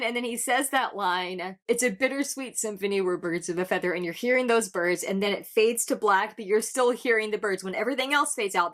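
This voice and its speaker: A woman hosting a music reaction video, talking in an earnest, gushing way, with halting restarts as she searches for words. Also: fairly high pitch, a bit bright. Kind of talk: casual music reaction commentary.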